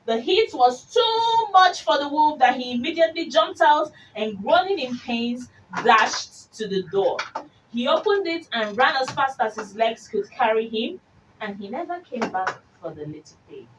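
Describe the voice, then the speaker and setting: A woman hosting a children's radio show, reading stories aloud in an expressive, slow, animated way. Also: sits high. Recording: distant mic with faint hiss.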